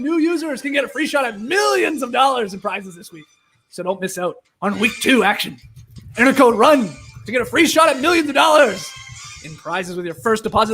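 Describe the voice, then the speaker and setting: Lively high-voiced joking man. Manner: jokey, laughing, playful. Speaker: podcast co-host. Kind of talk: casual chat and read ad.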